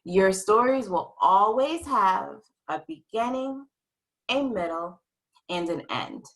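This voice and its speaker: A young woman gives a writing lesson to small children. She speaks slowly and draws out her words in an expressive, sing-song way. Her pitch rises and falls a lot. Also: poor audio. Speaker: teacher.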